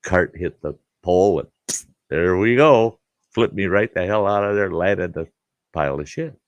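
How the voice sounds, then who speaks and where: A man's voice: low-pitched, normal speed, no room sound, dull audio. A middle-aged man telling a rowdy childhood farm story in a folksy, casual way, often laughing as he talks. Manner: folksy, laughs through his own tale. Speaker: storyteller host.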